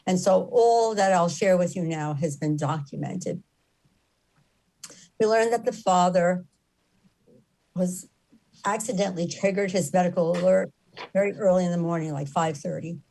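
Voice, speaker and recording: A woman with a slightly low voice tells a story in an earnest, impassioned way. She leans on repetition to drive her points home. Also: moderate pace, gravelly, pauses often, dark tone, low-quality recording. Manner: impassioned, repeats phrases for emphasis.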